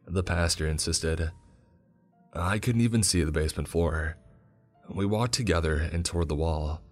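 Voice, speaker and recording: Male horror narrator, very low voice, faint music underneath. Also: normal speed. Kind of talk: first-person horror story narration.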